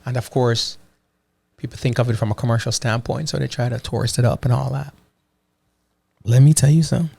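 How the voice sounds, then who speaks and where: A man's voice: mid-range voice, fairly even intonation, fairly quick, gravelly, pauses often, a little mellow, slightly rough. A Jamaican man from Ocho Rios chatting casually about a trip, slipping into patois and repeating "you know what I mean". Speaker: vlogger. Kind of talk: casual travel chat.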